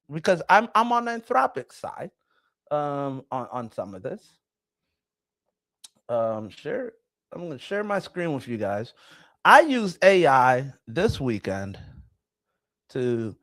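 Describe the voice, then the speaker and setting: A man in his thirties hosting a casual commentary vlog, talking in an excitable, rambling way with frequent restarts. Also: medium pitch, no echo. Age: 30s. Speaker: host.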